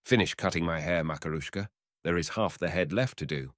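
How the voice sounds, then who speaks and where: Brief: male narrator playing a smug, penny-pinching older man in a storybook; brisk, dismissive, very low voice. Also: fairly bright tone, no room sound, studio quality. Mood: brusque. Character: older man, smug miserly customer, blunt.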